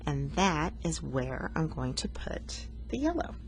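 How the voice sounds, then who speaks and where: A woman's voice: deep voice, very animated, a little slow, a little hiss or hum. A woman art teacher talking students through a coloring lesson, patient and explanatory, teasing herself now and then.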